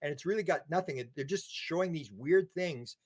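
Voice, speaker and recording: An older man, a guest in a casual interview, telling animated stories with many restarts and repeated words. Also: fairly high pitch, a little fast. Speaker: interview guest, UFO researcher.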